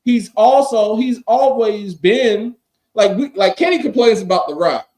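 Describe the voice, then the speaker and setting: A man co-hosting a casual podcast chat, talking in animated, profane rants and quoting people in mock voices. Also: high-pitched, unhurried. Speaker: podcast co-host.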